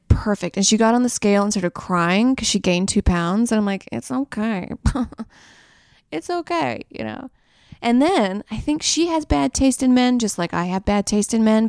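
A woman's voice: mid-range voice, a little mellow, no room sound, clean studio sound. A young woman co-hosting a podcast, rambling through crude, joking stories in a casual chat. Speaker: podcast co-host. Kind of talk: casual comedic monologue.

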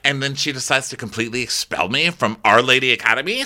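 A man hosts a casual comedy recap. His voice is very bright and sharp, and his pitch swings widely and animatedly. He keeps breaking into laughter and slips into high, mocking impressions of the people he describes. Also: animated, fast, hardly any pauses. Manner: laughs often, mimics cast members in high voices. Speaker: podcast co-host recapping a reality show.

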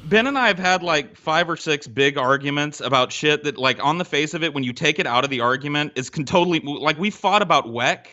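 A man in a podcast studio tells a story with a bright, forceful tone, pitched a little higher than most men. His delivery is animated and full of swearing, and he slips into other people's voices when quoting them. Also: a little fast, hardly any pauses, muffled recording. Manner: animated, profane, acts out quotes. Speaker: podcast guest. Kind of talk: casual storytelling.

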